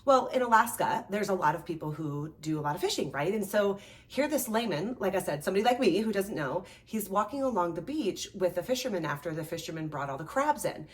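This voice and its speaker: Woman coach hosting her own show, lowish voice, kinda far from the mic, super chatty, says like and right a lot. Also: a little fast, few pauses. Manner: animated, chatty, peppered with "like" and "right?". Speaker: host and life coach. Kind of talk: motivational talk. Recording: voice a bit distant from the mic.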